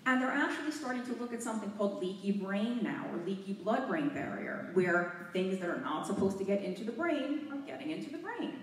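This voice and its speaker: A woman gives an animated talk to a live audience, out of breath and a little nervous, her pitch swinging widely. She is picked up from a distance in a very echoey hotel meeting room, with faint room ambience behind her. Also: a little fast, hardly any pauses. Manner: animated, laughing, a bit nervous. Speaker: guest speaker. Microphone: handheld mic, recorded from far off.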